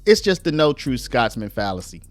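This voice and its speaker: A man's voice: medium pitch, very animated, normal speed, dry recording. A man giving argumentative commentary on played clips, explaining step by step with rhetorical asides.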